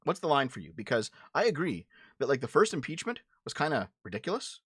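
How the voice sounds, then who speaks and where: Fast-talking and sing-song, this mid-range male voice is a bit bright with a breathy edge, recorded cleanly in a studio with no echo. He hosts a livestream show, arguing politics bluntly and profanely with chat, and repeats and restarts words when heated.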